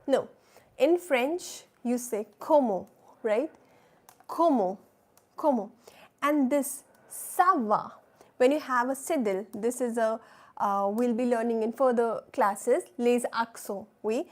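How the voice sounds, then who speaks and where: Her voice a little high and her pace slow, a woman leads beginners through a live online French lesson. She patiently repeats phrases for them to say back, asking "right?" and "oui?" along the way.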